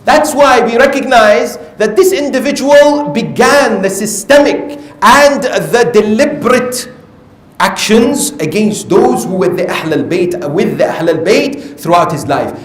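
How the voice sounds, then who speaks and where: A man's voice: high-pitched, lively intonation, measured pace. A man preaching, telling a story with emphasis and acting out the people he quotes. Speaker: sheikh preaching. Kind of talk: sermon. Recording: echoey hall.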